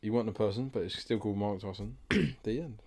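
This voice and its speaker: A laid-back young man co-hosting a podcast, teasing his friend and telling him to relax. His voice sits fairly low, and his delivery stays unhurried and easygoing. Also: a little mellow, slightly rough. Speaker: podcast co-host. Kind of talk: casual chat.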